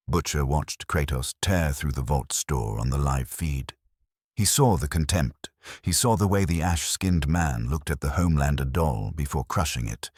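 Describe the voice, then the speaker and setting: A man's voice: extremely low pitch, normal speed, darkish tone, husky, dry recording, clean studio sound. A man giving brooding, theatrical scripted narration of a story.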